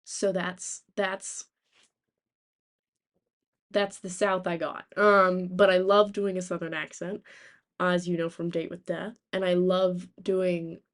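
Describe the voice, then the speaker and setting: A young woman from the United States, a streamer telling rambling, animated stories in casual chat, swearing freely. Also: fairly low pitch, slow.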